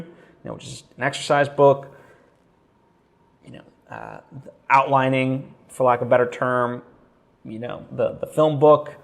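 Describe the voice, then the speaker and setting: A man's voice: mid-range voice, vocal fry. A man talking straight to camera in a casual vlog, thinking aloud with lots of fillers and restarts. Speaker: vlogger.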